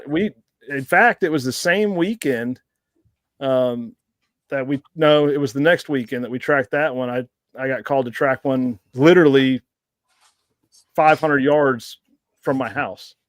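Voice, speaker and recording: A man's voice: mid-range voice, unhurried, pauses often, no echo, clean studio sound. A man casually telling rambling hunting-dog stories on a podcast, laughing now and then. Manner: rambling anecdotes with frequent laughs. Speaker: blood tracker guest.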